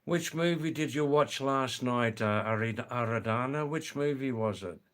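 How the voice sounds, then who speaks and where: A man's voice: medium pitch, normal speed. A man with an Australian accent hosting a casual live stream, chatting and reading viewer comments aloud. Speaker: livestream host reading chat.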